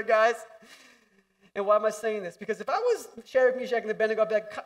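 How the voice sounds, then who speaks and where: Young male pastor with a high voice, animated and jokey, preaching on a stage mic. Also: fast talker, distant mic. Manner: animated, jokey, acts out voices and shouts for emphasis. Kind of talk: sermon. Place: church hall.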